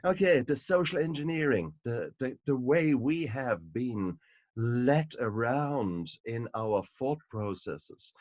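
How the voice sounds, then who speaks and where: A man and book author in an interview conversation, telling stories in an animated, emphatic way. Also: mid-range voice, slow pace, no room sound. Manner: animated storyteller, emphatic and repetitive.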